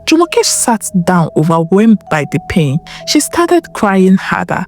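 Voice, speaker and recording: A woman narrating a story in an emotive, expressive way. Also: medium pitch, unhurried, few pauses, soft background music.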